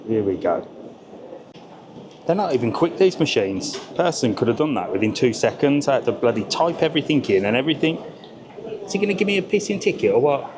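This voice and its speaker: A man from Birmingham with a Brummie accent, vlogging casually on the move through train stations, chatty and grumbling, swearing offhand. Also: mid-range voice. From Birmingham area, England. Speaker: travel vlogger. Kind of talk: casual vlog. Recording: noisy station ambience.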